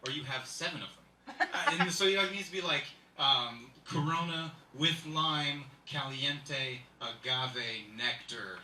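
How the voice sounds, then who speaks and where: A man's voice: fairly high pitch, unhurried, sharp tone, slight background noise. Rambling man in his thirties doing stand-up. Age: 30s. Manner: rambling, observational, full of "like". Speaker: stand-up comedian. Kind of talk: stand-up comedy set. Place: live comedy venue, indoors. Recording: echoey room, mic from far off.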